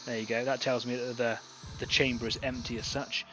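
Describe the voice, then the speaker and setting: A man's voice: mid-range voice, level tone, a little fast, background noise. A man hosting an online painting club, chatting casually and thinking aloud as he demonstrates airbrush painting. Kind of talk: casual live-stream painting demo.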